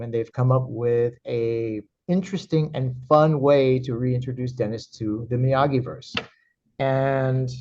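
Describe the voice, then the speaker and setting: Man telling a lively story, lo-fi sound. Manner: animated, acts out his own quoted lines in a higher voice. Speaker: actor and karate teacher, podcast guest. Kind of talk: casual storytelling in an interview. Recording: slightly dull, lo-fi audio.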